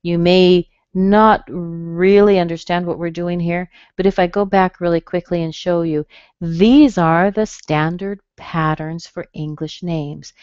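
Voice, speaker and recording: A woman's voice: on the low side, darkish tone, no room sound. A woman teaching a pronunciation webinar, patiently sounding out the syllables of names. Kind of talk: webinar lesson. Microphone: computer mic on a webinar. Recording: dry, slightly dull webinar audio.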